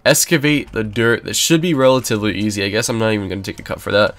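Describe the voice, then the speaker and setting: A young man giving casual, rambling gameplay commentary, excitable and prone to sudden yelps. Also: fairly low pitch, fast. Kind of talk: casual let's-play commentary.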